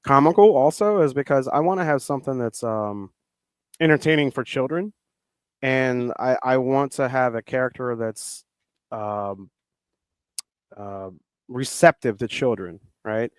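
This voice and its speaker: A middle-aged man talks over a podcast, spinning stories loosely with plenty of "uh"s and false starts. His voice sits at an everyday middle pitch. The sound is close and dry, with no room around it. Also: unhurried, smooth, no room sound. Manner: rambling storytelling with many fillers and restarts. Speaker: guest wrestler. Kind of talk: casual podcast conversation.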